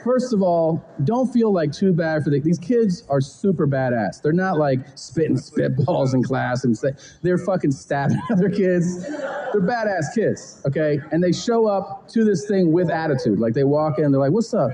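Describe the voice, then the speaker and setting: A man doing a stand-up monologue, profane and laughing, with deadpan asides. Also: a little high, moderate pace, low-quality recording. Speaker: stand-up comedian.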